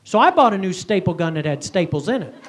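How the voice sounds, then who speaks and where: A man's voice: sits high, very animated, quick pace, background noise. A middle-aged man doing stand-up, telling a self-mocking story in a punchy way and often asking "right?". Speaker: comedian and speaker.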